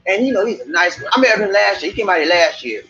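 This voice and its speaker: A man's voice: high-pitched, big pitch swings, fast talker, bright, forceful tone, lo-fi sound. A man from Charleston with a Geechee accent, hosting a casual live stream and talking straight to his viewers. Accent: Gullah Geechee, Charleston. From Charleston, South Carolina. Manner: chatty, repeats himself, talks to viewers directly. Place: Philippines, Cebu area.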